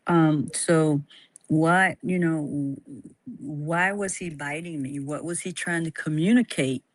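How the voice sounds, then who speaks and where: A woman hosting a casual talk, speaking calmly with many fillers and restarts and frequent laughs. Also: sits low, slow, dry recording. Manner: laughs often. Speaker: host. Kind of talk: casual chat about teaching.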